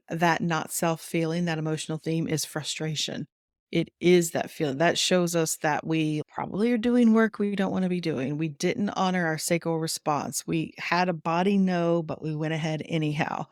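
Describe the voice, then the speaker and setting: A woman guest on a wellness podcast, explaining warmly and chattily, laughing often and acting out little quotes. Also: deep voice, moderate pace, dry recording, clean studio sound. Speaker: human design guide, guest.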